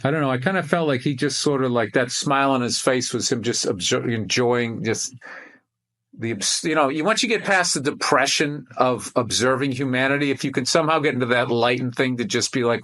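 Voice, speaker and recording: A comedian in casual chat on a video call, talking reflectively and haltingly. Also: male voice, medium pitch, fairly bright tone. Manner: reflective, halting, lots of fillers.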